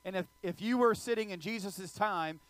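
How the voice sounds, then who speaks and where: Male pastor, bright high voice, playful sermon storyteller. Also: moderate pace, dry recording. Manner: animated, joking, audience asides.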